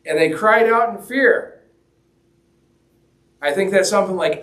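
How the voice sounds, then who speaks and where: High-voiced man preaching in an echoey hall. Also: a little slow, pauses often, a bit bright. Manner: conversational, joking, acts out quoted lines. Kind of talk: sermon. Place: church hall. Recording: roomy echo, mic at a distance.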